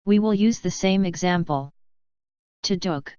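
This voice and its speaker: A woman teaching a lesson in a very slow, deliberate way, explaining one rule at a time in a lowish, very clear voice. The sound is dry and close, but a bit dull and lo-fi. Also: a little mellow, no echo. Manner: slow, deliberate, spelling out rules. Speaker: language teacher. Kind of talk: step-by-step lesson narration.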